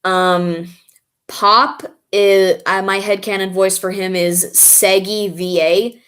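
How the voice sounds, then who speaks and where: A woman's voice: medium pitch, level tone, slow, fairly bright tone, clean tone. A young woman vlogging in a casual, rambling way, stopping now and then to recall names. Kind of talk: casual chat reading and answering comments.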